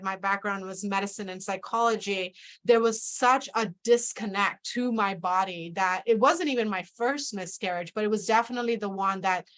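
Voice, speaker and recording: A woman guest on a video call, talking about her spiritual path in a slow, reflective way, often restarting and trailing off. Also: mid-range voice, a bit bright. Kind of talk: casual spiritual conversation.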